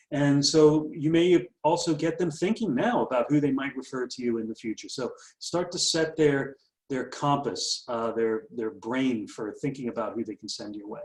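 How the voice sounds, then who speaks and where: Brief: man, business coach, brisk upbeat delivery, mid pitch, echoey room. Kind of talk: presenting marketing tips. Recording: roomy echo.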